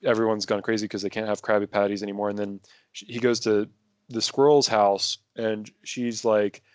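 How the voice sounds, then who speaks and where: A man's voice: lowish voice, little pitch movement, moderate pace, a little mellow, clear, resonant tone, no echo. A man talking casually as a podcast guest, rambling with many restarts and fillers. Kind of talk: casual conversation.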